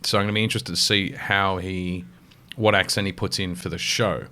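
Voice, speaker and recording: A man's voice: deep voice, fairly even intonation, brisk, sharp tone. Rambling Australian man, casual podcast chat. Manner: rambling, enthusiastic, swears casually. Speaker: podcast co-host.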